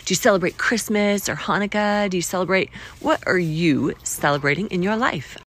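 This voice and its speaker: A woman hosting a solo podcast in a playful, quirky way, swinging from loud cheer to a near-whisper. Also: lowish voice, moderate pace. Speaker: podcast host. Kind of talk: upbeat solo podcast talk.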